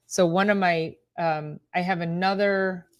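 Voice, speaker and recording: A rambling, chatty woman in middle age with a voice a shade lower than most, hosting a relaxed live stream. She laughs easily and chats straight to her viewers as she goes. Her talk is casual and loose, with lots of small asides. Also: a little slow, smooth. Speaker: host, chiropractor.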